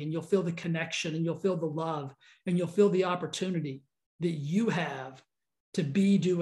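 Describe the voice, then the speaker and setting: A male podcast host with a high-pitched, slightly mellow voice gives an earnest motivational monologue. He speaks fervently, repeating phrases and restarting lines as he builds momentum.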